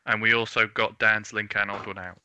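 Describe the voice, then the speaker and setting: A man co-hosting a podcast, chatting casually and teasing his co-host with deadpan jokes. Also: fairly low pitch, brisk, clear, resonant tone, no room sound. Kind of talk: casual chat.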